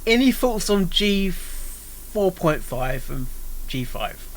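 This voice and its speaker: A man's voice: high-pitched, sing-song, slow. A man moderating a casual fan panel, asking questions and stumbling over his words. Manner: asks questions, stammers and repeats.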